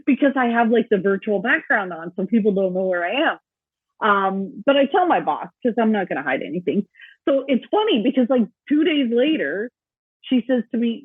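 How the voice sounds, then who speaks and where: A woman's voice: fairly high pitch, animated, normal speed, breathy edge, no echo. A woman co-hosting a podcast, chatting casually, often laughing and acting out quoted voices. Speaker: podcast co-host. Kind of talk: casual chat. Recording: tinny phone-like remote line.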